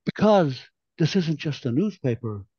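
A man's voice: medium pitch, very animated, moderate pace, warm tone, dull audio. A man voicing an earnest, idealistic young man who speaks hesitantly, groping for words.

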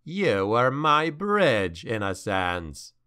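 A man voicing a mocking ancient male demon in an audiobook, speaking slowly and with cruel menace. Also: medium pitch, very animated, bright, forceful tone, clear, resonant tone, heavily acted. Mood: gloating menace. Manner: slow, menacing, gloating.

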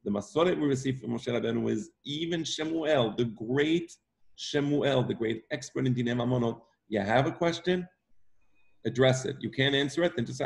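A man's voice: medium pitch, normal speed, creaky. A man teaching an online Talmud class, emphatic and repetitive, often checking in with "right?". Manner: emphatic, repeats himself, stresses points with "right?".

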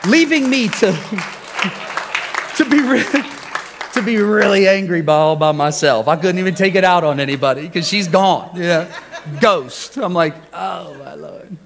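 A man preaching a relaxed, conversational sermon to his congregation, telling personal stories with frequent chuckles and questions to the crowd. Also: high voice, unhurried. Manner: jokey, chuckles often, asks the congregation questions. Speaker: pastor. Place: church service before a congregation.

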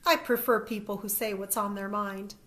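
A woman's voice: mid-range voice, fairly even intonation, normal speed, fairly bright tone, close to an everyday voice. A woman reading aloud, voicing an easygoing, friendly man who is a handyman and father.

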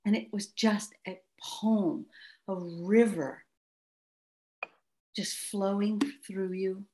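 A woman hosting an interview, gushing with praise and telling animated personal stories in a casual chat. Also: medium pitch, slow. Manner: effusive, storytelling, gushing praise. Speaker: host.

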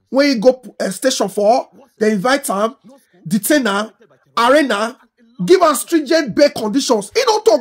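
A middle-aged woman with a Nigerian Pidgin English accent, delivering impassioned political commentary in an animated, scolding way, full of rhetorical questions. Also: high-pitched. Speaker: social media commentator.

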